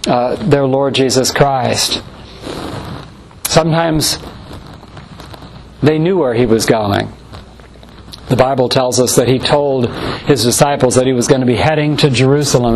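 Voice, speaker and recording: A man preaching a morning sermon, measured and earnest, slowing down to stress scripture quotations. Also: on the high side, slight background noise, poor audio.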